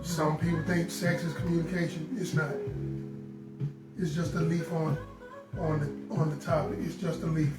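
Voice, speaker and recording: His voice runs on the high side with little pitch movement and a moderate pace, picked up by a distant mic. Co-hosting a casual live stream about relationships, he gives sincere advice and repeats himself, while guitar music plays behind in a roomy space.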